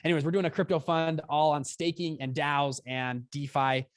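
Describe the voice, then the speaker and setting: A young man in his twenties, a podcast guest telling a story in conversation, animated and quick, acting out quotes with big jumps in pitch. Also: dry recording, clean studio sound. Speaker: podcast guest, fund founder.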